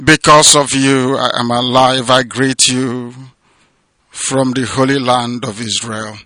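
A man delivering an impassioned political radio address, declamatory and sermon-like, swinging between loud proclamations and hushed emotional passages. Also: mid-range voice, fairly even intonation, takes it slowly, no room sound. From southeastern Nigeria. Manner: repetitive, sermon-like cadence. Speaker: radio broadcaster and movement leader. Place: abroad, away from home.

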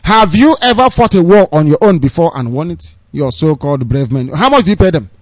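A man's voice: a little high, very animated, brisk, no room sound. A man with a Nigerian accent giving a scornful, impassioned rant of political news commentary, with sarcastic asides. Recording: dull, dry lo-fi recording.

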